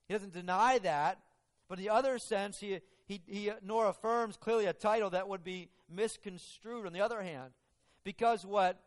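A man preaching a sermon, telling the story in an animated way and acting out the quotes. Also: high-pitched, big-room sound. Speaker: pastor.

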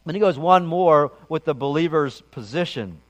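Middle-aged male pastor, slightly high voice, conversational sermon, long hall reverb. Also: lively intonation, normal speed, dull audio. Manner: conversational storytelling preacher with frequent restarts.

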